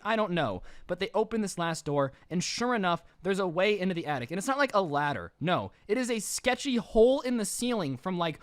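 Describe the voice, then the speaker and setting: A man's voice: high-pitched, no echo, clean studio sound. A man telling a scary story in a casual storytime style, joking and slangy. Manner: animated, joking, slangy asides. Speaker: storytime youtuber.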